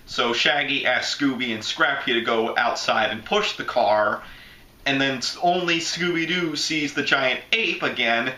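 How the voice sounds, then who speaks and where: A man's voice: mid-range voice, sharp tone. A man from Florida with a Southern accent, chatting casually through a movie review and breaking into goofy voices. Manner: chatty, jumps into goofy impressions. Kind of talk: casual video commentary. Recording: echoey room.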